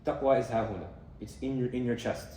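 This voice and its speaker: Fast-talking young man in an echoey room. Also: medium pitch, steady tone, mellow, far from the mic, slight background noise. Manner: conversational, explaining with many fillers and Arabic terms. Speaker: student speaker on hadith. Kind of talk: casual religious talk.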